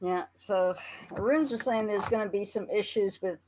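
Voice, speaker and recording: A woman taking part as a guest on a live chat show, talking softly and matter-of-factly. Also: medium pitch, moderate pace, slight background noise, poor audio. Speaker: psychic medium guest. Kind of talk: casual live-stream chat.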